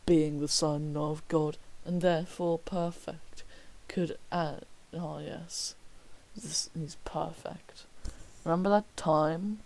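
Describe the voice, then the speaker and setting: In poor-quality audio, a young male student streamer reads his homework aloud in a fairly high, slightly mellow voice. He keeps breaking off for wry jokes, slipping into whispered mock remarks.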